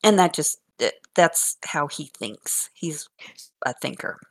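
An older woman chatting casually and telling funny stories about her grandchildren, animated and often laughing and repeating words. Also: deep voice, slow. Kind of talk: casual chat.

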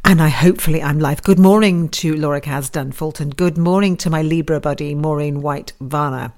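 Low-voiced chatty woman host. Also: a little fast, a little mellow. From United Kingdom. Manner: chatty, rambling, self-deprecating asides. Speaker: radio host and psychic advisor. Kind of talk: casual live radio chat.

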